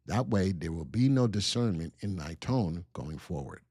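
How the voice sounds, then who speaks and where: A man putting on the flat monotone voice of a male chat viewer, deadpan and low. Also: moderate pace, slightly rough, no echo, clean studio sound.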